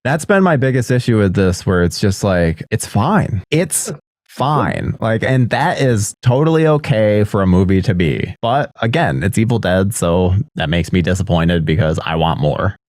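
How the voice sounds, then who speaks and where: A man hosting a casual movie chat, asking relaxed questions and agreeing easily. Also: fairly low pitch, normal speed, no echo, clean studio sound. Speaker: host.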